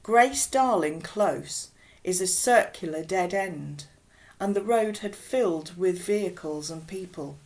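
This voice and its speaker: Slow, expressive woman storyteller. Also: on the low side. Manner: unhurried, expressive reading. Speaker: audiobook reader. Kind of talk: storybook narration.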